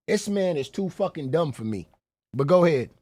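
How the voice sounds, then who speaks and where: Man, reaction streamer, mocking and incredulous, lively pitch, dry close sound. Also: moderate pace, breathy edge, dry recording. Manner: incredulous, mocking, swears freely, repeats "bro". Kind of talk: profane reaction commentary.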